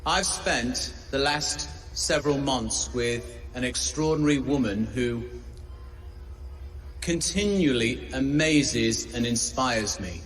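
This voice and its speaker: A jittery music teacher , played by a man, stumbles through a speech at a slow, hesitant pace. He sounds distant and reverberant, as in a film's school gym, with music playing underneath. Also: mid-range voice, a bit bright. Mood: nervous. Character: nervous male music teacher proposing.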